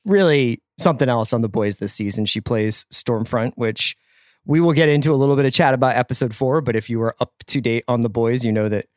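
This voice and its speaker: A man hosting a podcast, chatting in a relaxed, playful way and introducing the show. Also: medium pitch, fairly quick, dry recording, studio quality. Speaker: podcast host. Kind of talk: casual chat.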